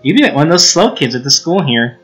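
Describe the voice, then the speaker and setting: A high, lively girlish voice for a mischievous teenage girl, put on by a man reading a game aloud. She teases in a sing-song lilt, swooping up and down. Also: fast, breathy edge, faint music behind, exaggerated voice. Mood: teasing. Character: cheeky athletic teenage girl, playful and mischievous.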